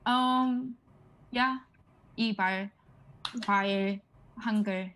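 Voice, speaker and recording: A woman with as her leads a relaxed one-on-one lesson. She talks in loose, hesitant explanations full of fillers and says each word slowly for her student to copy. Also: medium pitch, slight background noise, poor audio. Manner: explains haltingly with many "like" and "um", models words for repetition. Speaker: Korean language tutor. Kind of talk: casual one-on-one language lesson.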